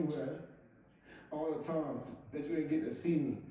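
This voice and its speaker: A man's voice: on the high side, steady tone, normal speed, warm tone. A young man giving a heartfelt, thankful acceptance speech, heard from a broadcast. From southern US. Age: young adult. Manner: heartfelt, thankful, emotional address. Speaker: award winner. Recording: echoey hall from far off, broadcast.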